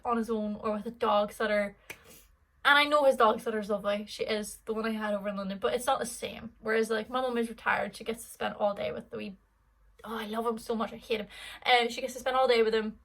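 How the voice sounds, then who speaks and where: A woman's voice: on the high side, a bit bright, low-quality recording. An Irish woman in her twenties answering fan questions in a casual vlog, rambling and chatty with lots of fillers. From Ireland.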